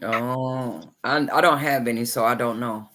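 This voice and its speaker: A woman's voice: a bass voice, unhurried, a bit bright, a little hiss or hum. A woman with a Southern US accent, hosting a crochet livestream and chatting playfully with her viewers. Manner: chatty and playful, reads live chat aloud. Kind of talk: casual chat.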